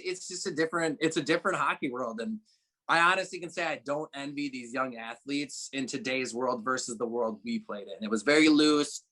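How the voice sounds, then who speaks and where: A young man, a former college hockey player, telling stories in a relaxed podcast chat with many fillers and restarts. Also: on the high side. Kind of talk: casual interview chat.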